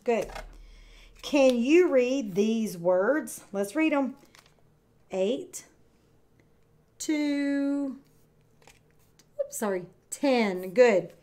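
A woman teaching kindergarten, speaking slowly and clearly with encouraging, drawn-out words for young children. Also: fairly high pitch, animated, dark tone. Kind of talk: read-aloud lesson for young children.

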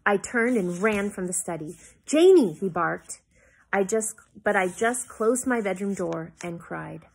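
A woman's voice: medium pitch, creaky, slightly rough. A woman reading a novel aloud at home, stopping now and then to explain the story to her listeners. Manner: pauses to explain the story to listeners, corrects slips.

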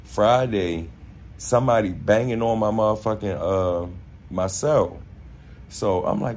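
A young man with a Baltimore accent telling a casual story, animated and profane, acting out quotes in street slang. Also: on the low side, unhurried. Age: young adult.

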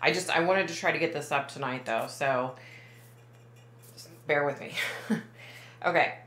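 Low-voiced rambling psychic woman. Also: normal speed, fairly bright tone, reverberant. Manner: rambling, self-correcting, many fillers. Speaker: psychic medium. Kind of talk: casual monologue to camera.

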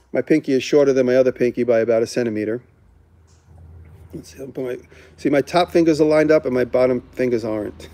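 Warm in tone and medium in pitch, his voice carries a relaxed livestream where he responds to viewer questions. His answers are candid and meandering, and he frequently breaks off partway through a thought.

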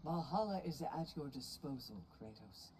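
A man voicing a composed, dignified male god in a video game, speaking in a calm, formal way. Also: fairly high pitch, normal speed, a little hiss or hum, lightly acted.

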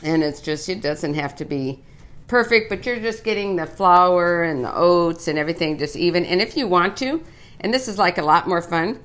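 A woman hosting a cooking show, chatting casually and gushing while she gently instructs her guest in a studio kitchen. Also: on the low side, normal speed, slight background noise.

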